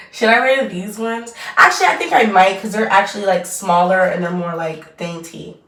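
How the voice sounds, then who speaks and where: A vlogger in her twenties does her makeup during a casual get-ready-with-me chat, rambling and trailing off mid-sentence. Her voice is medium-pitched and a bit bright at a moderate pace, picked up by a distant mic in a roomy echo.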